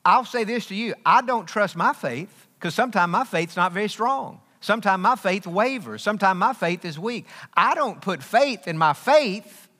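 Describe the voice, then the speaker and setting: A man's voice: sits high, lively intonation, normal speed, hardly any pauses, sharp tone. A man preaching a sermon as pastor, emphatic and repetitive, with folksy humor. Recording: long reverb of a large hall.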